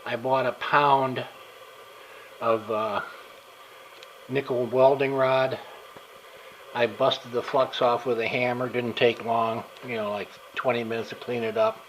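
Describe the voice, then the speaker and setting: An older man in his home workshop, a little out of breath, talking casually and haltingly with frequent fillers as he shows his setup. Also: medium pitch, level tone, fairly bright tone, muffled recording, a little hiss or hum. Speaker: workshop vlogger. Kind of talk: casual workshop show-and-tell.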